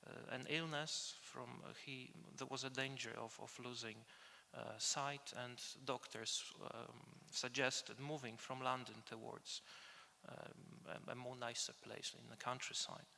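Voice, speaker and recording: Lecturing at an academic conference, a native Polish speaker hesitates often, using filled pauses and restarting phrases. His medium-pitched voice is gravelly and bright-edged with fairly even intonation, and the conference hall's long reverb rings through.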